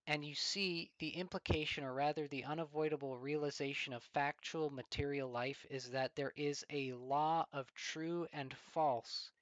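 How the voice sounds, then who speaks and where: A man giving a storytelling commentary, deliberate and fond of rhetorical questions. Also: on the high side, a bit bright, no room sound, rough recording.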